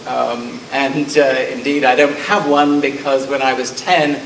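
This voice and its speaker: A conference speaker, middle-aged, from Scotland but with a southern English accent, talks a little slowly in a steady, medium-pitched voice. Frequent ums and self-deprecation mark his presentation, captured from afar in a roomy hall with slight background noise.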